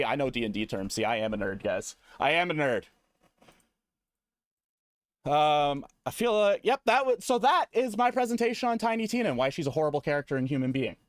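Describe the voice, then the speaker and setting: Male streamer, animated and swearing, mock-serious delivery, dry close mic. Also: fairly high pitch, no echo. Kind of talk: comedic slideshow rant.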